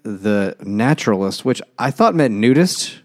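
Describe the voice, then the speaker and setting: Male podcast co-host, lowish voice, crude jokey recap. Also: animated, measured pace, a little mellow. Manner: crude, jokey, acts out characters while recapping. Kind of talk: casual chat.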